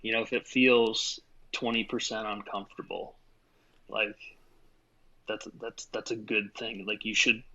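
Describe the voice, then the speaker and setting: A man's voice: on the low side, flat delivery, measured pace, pauses often, bright, forceful tone. Reflective man co-hosting, slightly dull audio. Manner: reflective, loose, filler-heavy. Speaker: podcast co-host. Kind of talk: casual podcast chat.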